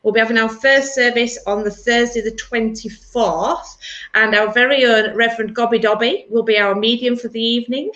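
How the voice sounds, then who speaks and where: A middle-aged woman from England hosting a live church stream, chatty and quick to laugh. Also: fairly high pitch, fairly even intonation, fairly bright tone, highs cut off. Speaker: church service host. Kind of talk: casual live-stream chat.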